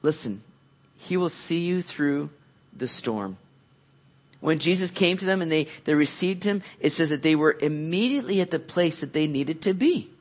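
Guy preaching a sermon, kinda high-ish voice, gets animated telling the story. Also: moderate pace. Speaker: pastor.

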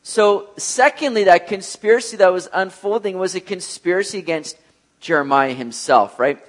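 A man's voice: high-pitched, normal speed. A man preaching a sermon in a conversational way, often checking in with "right?" and acting out the people he quotes. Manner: conversational, keeps asking "right?"; acts out quoted voices.

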